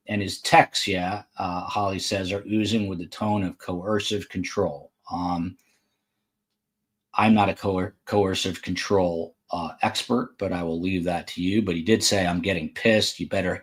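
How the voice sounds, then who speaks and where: A man hosting a true crime podcast, talking casually from a hotel room with frequent fillers and side remarks. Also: low voice. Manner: conversational, with frequent fillers and asides. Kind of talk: casual live commentary.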